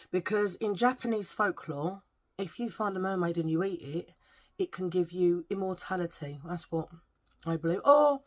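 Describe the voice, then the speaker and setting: A middle-aged woman, telling a rambling story in a casual vlog chat and searching for words as she goes. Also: fairly low pitch. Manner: rambling, chatty, searches for words, eats while talking. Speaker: vlogger.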